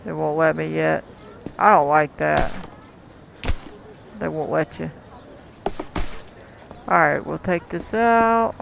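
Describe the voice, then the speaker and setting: A man's voice: fairly high pitch, slow pace, vocal fry, long pauses, a bit bright, slight background noise, low-quality recording. A man casually commenting while playing a cooking game, talking to the customers and chuckling often. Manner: chatty, talks to the game's customers, chuckles often. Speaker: gameplay commentator.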